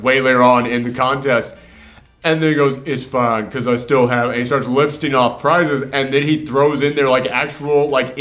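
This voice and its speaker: Higher-voiced man ranting about a movie. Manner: animated, swears freely, sarcastic. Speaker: host. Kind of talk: casual movie reaction chat.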